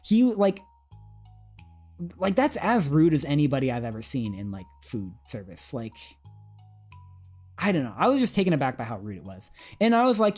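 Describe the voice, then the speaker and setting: A man's voice: on the high side, wildly swooping pitch, normal speed, pauses often, a little mellow, slightly rough. A man streaming, casually telling a rambling story with many fillers and chuckles. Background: faint music.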